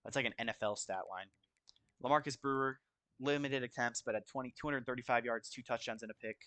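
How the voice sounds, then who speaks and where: A man's voice: medium pitch, steady tone, fast, fairly bright tone, no room sound. A man casually reading out season stats for his video game team, listing numbers with fillers and self-corrections. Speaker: gaming video creator. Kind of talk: casual stat-reading commentary.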